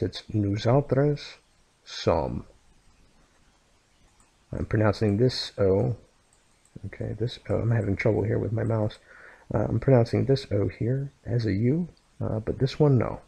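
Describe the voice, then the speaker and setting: Gravelly, mellow-voiced man teaching. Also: on the low side. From United States. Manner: halting, many fillers and "okay?" checks. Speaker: language teacher. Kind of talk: screen-recorded language lesson.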